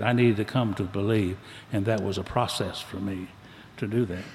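A man's voice: mid-range voice, darkish tone. An older man speaking to a recovery meeting, telling his story in a folksy, plainspoken, drawling way. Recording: echoey hall, faint background noise.

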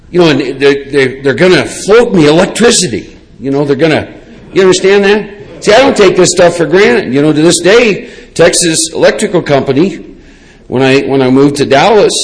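A man, telling his personal recovery story in a rambling, lively way with many asides. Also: on the high side, fairly quick, rough recording. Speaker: recovery speaker. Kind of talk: personal testimony talk.

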